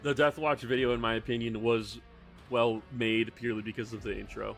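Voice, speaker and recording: A man's voice: mid-range voice, level tone, a little fast, vocal fry, faint music behind. A man streaming casually from his hobby room, rambling, swearing now and then and reading out chat messages.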